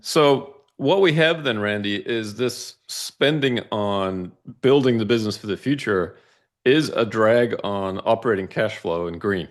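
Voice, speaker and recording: A man's voice: fairly low pitch, a little slow. A man in a casual conversation, methodically walking through financial charts and often checking in with "right?". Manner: explanatory, methodical, asks "right?" to check understanding. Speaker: investment analyst guest.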